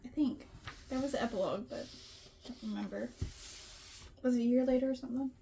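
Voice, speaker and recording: A woman's voice: a little high, quick pace, creaky, mellow, a little hiss or hum. A woman co-hosting a casual book chat, laughing a lot and bluntly swearing at the characters. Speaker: book podcast co-host.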